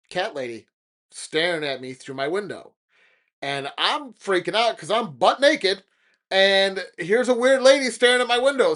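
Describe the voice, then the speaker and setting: A man hosting a podcast, telling a personal ghost story in an animated, dramatic way. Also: on the high side. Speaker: podcast host. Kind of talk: casual storytelling.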